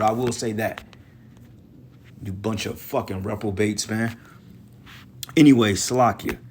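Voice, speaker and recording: A man's voice: mid-range voice, slight background noise. A man preaching an angry, profane rant against a rival religious group, scolding and ending lines with "man". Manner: profane, scolding, repeats "man" at line ends. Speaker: street preacher.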